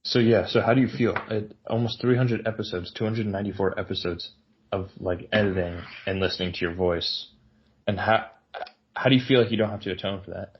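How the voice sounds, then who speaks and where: A man co-hosting a podcast in casual chat, animated, self-mocking and jokey. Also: lowish voice, a little fast, muffled recording, slight background noise. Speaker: podcast co-host.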